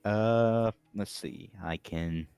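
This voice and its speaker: Low-voiced man playing a tabletop game. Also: very slow, creaky, a little mellow, clean tone, no room sound, faint music behind. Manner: casual, chatty, half in character. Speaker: player.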